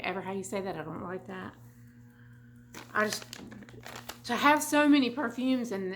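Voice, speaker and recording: A woman's voice: medium pitch, a bit bright, slight background noise. Chatty woman rambling through a haul. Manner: chatty, rambling, asides and restarts. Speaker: vlogger. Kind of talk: casual haul chat. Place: home room.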